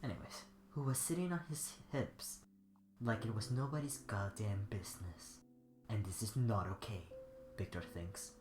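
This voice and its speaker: A sick, congested man reading fanfiction aloud in a rambling, giggly, off-the-cuff way. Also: medium pitch. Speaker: fanfiction reader. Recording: echoey room with loud music.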